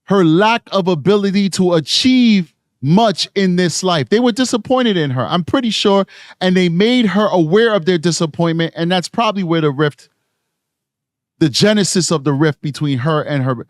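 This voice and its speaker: A man's voice: high voice, normal speed, no room sound, studio quality. A man from New York City giving rambling true crime commentary on a live stream, tired from lack of sleep. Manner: rambling, conversational, frequent restarts.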